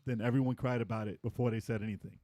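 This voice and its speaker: A man talks very fast on a dry recording. Co-hosting a video game podcast, he chats casually and animatedly, laughing often and acting out quotes in a high voice.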